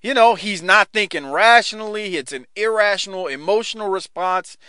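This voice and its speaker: Bright, smooth-voiced podcast host. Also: male voice, high voice, normal speed, no echo. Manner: enthusiastic, laughing, loose. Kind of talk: casual chat.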